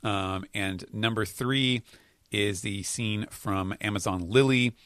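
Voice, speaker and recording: A man chats on a podcast in a fairly low voice, pausing often and restarting his sentences as he explains. The sound is dry and close, with no room around it. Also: a bit bright, dry recording. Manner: hesitant, many fillers and restarts while explaining. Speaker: podcast host. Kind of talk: casual chat recapping comics.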